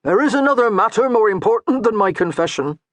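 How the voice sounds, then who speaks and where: A woman's voice: medium pitch, animated, fast, dry recording, pitched above the performer's own voice, close to an everyday voice. A woman narrator voicing a harried male steward who talks earnestly and holds his patience. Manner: earnest, restrained, pleading.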